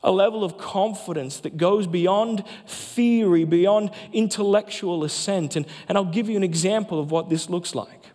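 Man preaching, high voice, emphatic, long reverb from a large hall. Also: dark tone. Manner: emphatic preaching, slows down for key phrases. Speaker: pastor. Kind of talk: sermon.

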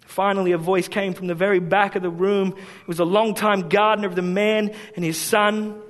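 A male pastor preaching a sermon with storytelling, swinging from hushed to emphatic. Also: high-pitched, fairly even intonation, moderate pace, few pauses. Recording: long hall reverb.

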